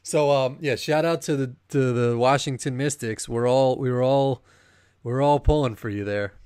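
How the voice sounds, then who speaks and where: A man co-hosting a sports podcast in casual chat, rambling and animated, laughing often. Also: medium pitch, moderate pace, clean tone, no room sound, clean studio sound. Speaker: podcast co-host.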